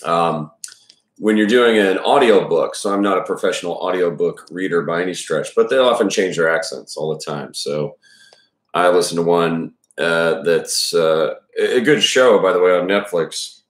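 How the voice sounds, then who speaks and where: Low-voiced guy rambling at home, lots of ums, echoey room. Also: moderate pace. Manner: rambling, many restarts and fillers, self-deprecating. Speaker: reader giving commentary. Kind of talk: casual rambling commentary.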